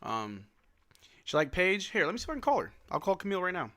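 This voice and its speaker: Lively young man chatting on a stream. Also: high-pitched. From Louisiana. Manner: chatty, answers chat questions with quick laughs. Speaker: livestream host. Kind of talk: casual livestream chat.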